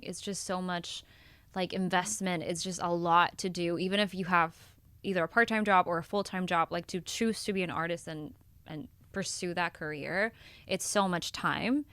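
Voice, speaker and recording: A woman's voice: lowish voice, fairly even intonation, normal speed, clear, resonant tone, dry recording. A woman hosting a casual podcast interview, speaking in an encouraging, heartfelt way. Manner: warm, encouraging, emotional. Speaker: voice teacher and podcast host.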